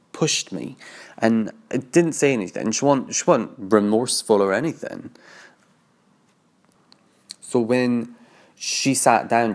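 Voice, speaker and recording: A man with a fairly low voice talks alone into a mic for his private audio diary. He tells his story bluntly, swearing freely as he rambles along. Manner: candid, profane, rambling storytelling. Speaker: audio diarist. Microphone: solo recording to a mic.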